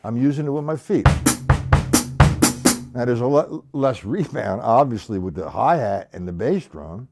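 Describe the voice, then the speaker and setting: A man's voice: mid-range voice, animated, moderate pace, gravelly, over loud music. A man giving a live-streamed drum lesson, talking bluntly and emphatically, repeating his points as he demonstrates strokes. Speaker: drum teacher. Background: drum hits.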